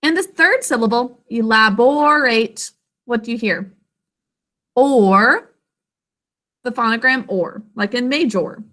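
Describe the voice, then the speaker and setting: A woman's voice: a little high, animated, pushed and bright. A woman teaching an online literacy lesson over a video call, sounding words out carefully syllable by syllable. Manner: slow, careful syllable-by-syllable enunciation.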